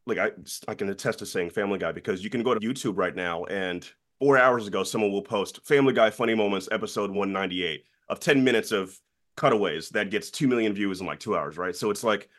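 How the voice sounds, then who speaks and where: A man as an interview guest, telling a story in a lively way and acting out the voices of other people. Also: lowish voice, a little fast. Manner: lively, acts out quoted voices.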